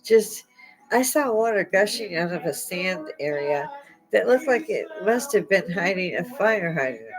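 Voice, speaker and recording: A middle-aged woman with a mid-range voice talks casually and at length to viewers of her own channel. Despite being in pain and close to tears, she keeps laughing and tossing out wry, irreverent jokes. The audio is poor.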